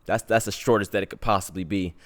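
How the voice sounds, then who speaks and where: A man voicing a laid-back, unbothered male guide who explains things calmly and matter-of-factly. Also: fairly low pitch, fast, voice pushed down, natural voice. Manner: calm, matter-of-fact explaining.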